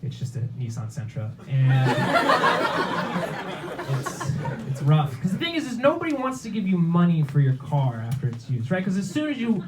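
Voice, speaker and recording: A young man's stand-up set, recorded on a handheld mic in a noisy club. His voice sits a little high and swings widely in pitch. He often jumps into high, squeaky voices for the people in his stories. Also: wildly swooping pitch, normal speed. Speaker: stand-up comedian. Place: comedy club stage, laughing audience.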